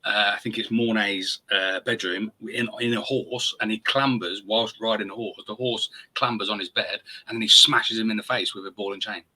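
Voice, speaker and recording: A man's voice: fairly low pitch, fairly even intonation, moderate pace, hardly any pauses, bright, forceful tone, low-quality recording. A man in his forties hosting a podcast, chatting enthusiastically and rambling with fillers. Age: 40s. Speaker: podcast host. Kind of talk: casual chat.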